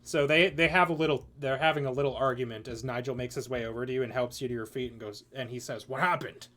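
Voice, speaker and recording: A man's voice: medium pitch, steady tone, fast talker, fairly bright tone. A man narrating as game master, loose and rambling with plenty of fillers.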